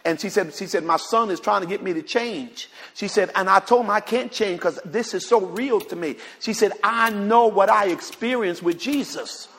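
A preacher tells a story to his congregation, stumbling through repeated words. His voice sits high and gravelly, with a husky edge. It rings out in a church with a long, trailing reverb. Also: normal speed, few pauses, a bit bright. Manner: retells a conversation in many quoted lines, repeats words, speaks to the congregation. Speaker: pastor. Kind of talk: sermon storytelling. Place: church sanctuary.

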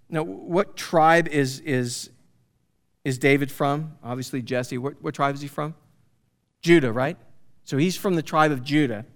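A fairly high-voiced man gives a conversational Bible teaching. He explains the passage with animated asides and questions to his listeners. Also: a little slow.

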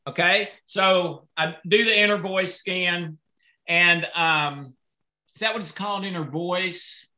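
A man hosting a sales event, telling an animated story and acting out the dialogue with jumps in his voice. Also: high voice, slow. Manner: excitable, acts out dialogue in raised voices. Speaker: host presenting products. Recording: echoey room.

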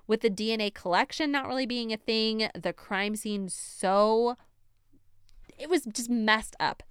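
A woman's voice: medium pitch, smooth, dry recording, studio quality. A young woman hosting a true crime podcast, telling the story in a chatty, casual way with frequent laughter and emphatic asides.

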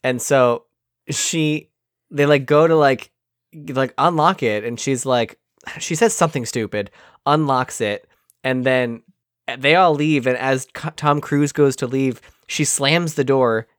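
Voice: medium pitch, a little slow, dry recording, clean studio sound. A podcast co-host recapping a movie in casual chat, sarcastic and profane, acting out the scenes.

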